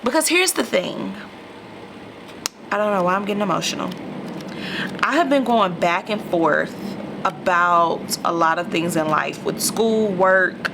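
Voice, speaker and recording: A woman's voice: medium pitch, vocal fry, noisy background. A woman vlogger chatting casually to her viewers while unboxing a mystery box, calling them y'all. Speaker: lifestyle vlogger.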